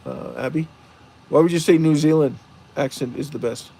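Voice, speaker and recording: A man's voice: a little high, normal speed, dark tone, breathy edge. A man hosting a livestream, rambling and putting rhetorical questions to the chat. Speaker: livestream host. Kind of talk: casual livestream talk to chat viewers.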